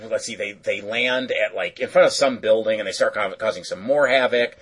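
A man's voice: lowish voice, a little fast, a bit bright, breathy edge, poor audio. A man casually recapping a cartoon episode, rambling with lots of fillers and self-corrections.

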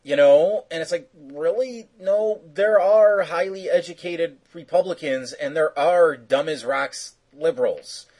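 Podcast co-host, man, husky voice, loose rambling recap. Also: a little high, measured pace, hardly any pauses, darkish tone, poor audio. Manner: rambling, joking, filler-heavy. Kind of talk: casual chat, episode recap.

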